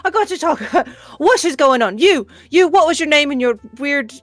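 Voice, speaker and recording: A woman player in casual chat at a tabletop game, her voice high. She sounds flustered and giggly, recorded dry with faint music behind. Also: lively intonation, normal speed, a bit bright, no echo.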